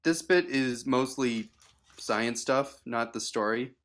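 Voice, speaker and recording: A man's voice: mid-range voice, takes it slowly, a bit bright. A man reading an article aloud on a casual livestream, stumbling with fillers and restarts.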